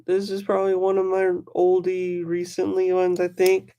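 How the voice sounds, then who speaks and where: Excitable rambling knife collector streamer. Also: medium pitch, moderate pace. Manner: excitable, rambling, talks to chat viewers by name. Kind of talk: casual livestream chat.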